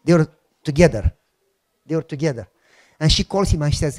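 A man with a Romanian accent telling a personal testimony as a sermon, acting out the dialogue and bursting into shouts. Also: a little high, fairly quick, long pauses. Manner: animated storytelling with acted-out dialogue and shouted outbursts. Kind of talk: sermon storytelling.

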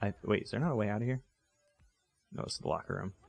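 A man hosts a let's play, offering casual gameplay commentary that rambles, jokes and corrects itself along the way. His voice is fairly low, creaky and darkish, and he talks fast.

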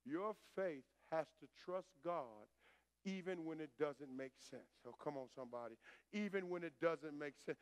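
A man preaching a sermon as pastor, swinging between hushed lines and shouted calls to the congregation. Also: a little high, moderate pace, clear, resonant tone, no room sound. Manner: call-and-response preaching, rising to shouts.

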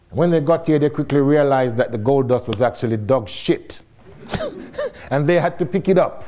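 A middle-aged man from Jamaica, telling his story as a guest speaker to a live audience, animated and laughing often, with casual swearing. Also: mid-range voice, fairly quick.

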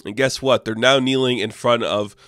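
A man casually recapping a comic book issue, loose and profane, with lots of "like" and quick offhand asides. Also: medium pitch, fairly even intonation, a bit bright, no echo, soft background music. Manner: loose and profane, full of "like", acts out characters in passing.

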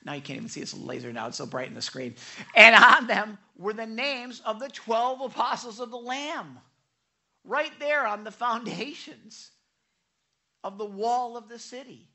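A male pastor preaching with a bright, forward voice. He stammers and repeats words as he tells stories, slipping into quick casual impressions of the people he describes. It sounds like a live church sermon. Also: very high-pitched, creaky. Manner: stammering, animated storytelling with voiced paraphrases. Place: church sanctuary.

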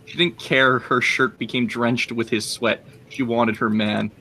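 A man's voice: mid-range voice, fairly even intonation, a little slow, bright, forceful tone, breathy edge, low-quality recording. A man hosting a stream, reading a crude story aloud to his friends and often breaking into laughter. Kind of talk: casual streaming chat.

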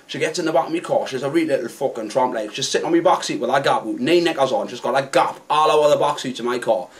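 A man's voice: medium pitch, natural voice. An actor playing a brash, boastful young Geordie chav man with a Geordie accent, telling crude rambling stories in a comic vlog. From North East England. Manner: swaggering, crude, rambling storyteller. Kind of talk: comic character monologue.

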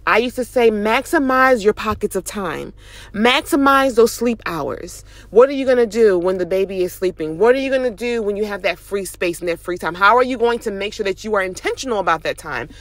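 A young woman and mom vlogger, driving while she gives an animated, chatty motivational talk. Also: medium pitch, fairly quick, dry recording. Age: young adult. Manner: animated, chatty, preachy encouragement. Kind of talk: casual motivational talk to camera. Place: in a car, driving.

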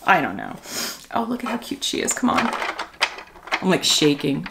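Gushing, excitable woman doll collector. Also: sits low, normal speed, creaky, heavy background noise. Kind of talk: casual chat while handling toys.

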